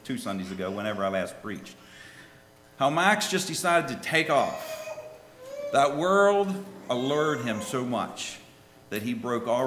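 A man preaching a sermon and telling a children's story, swinging from soft, low asides to loud, high pleas. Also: background noise. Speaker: lay preacher. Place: church. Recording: echoey hall with faint ambience.

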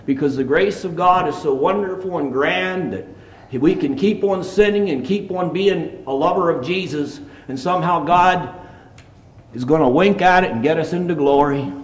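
A man preaching a plainspoken, earnest sermon at a church service, reading scripture aloud. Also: fairly high pitch. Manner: earnest, plainspoken, reads scripture in King James wording.

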